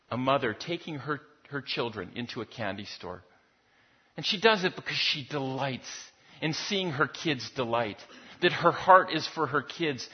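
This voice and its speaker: A man's voice: fairly high pitch, breathy edge. A man preaching a sermon in a conversational, storytelling manner, often repeating words as he goes. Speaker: pastor. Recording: dull lo-fi recording.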